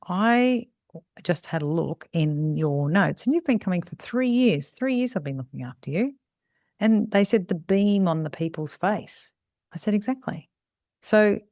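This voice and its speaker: A middle-aged salon business mentor talks on a casual podcast in a low, somewhat dark voice, captured dry with studio quality. She's blunt and relaxed, acts out snippets of dialogue, and lets slip an occasional swear word.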